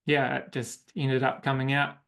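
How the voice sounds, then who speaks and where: Flat-voiced man telling his story. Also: mid-range voice, moderate pace, gravelly. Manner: reflective, emotional storytelling. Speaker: guest, coach. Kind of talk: personal storytelling in interview.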